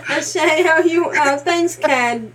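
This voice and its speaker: A woman's voice: sits high, takes it slowly, noisy background. A woman co-hosting a casual gaming podcast, reading listener emails aloud with giggly asides. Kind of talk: casual chat.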